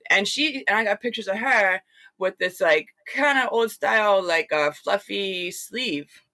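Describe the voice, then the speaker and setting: As an interview guest, a woman tells her story in a loose, rambling way, full of fillers and acted-out quotes. Her mid-range voice is bright and forceful, she speaks a little slowly, and the sound is close and dry with no room echo.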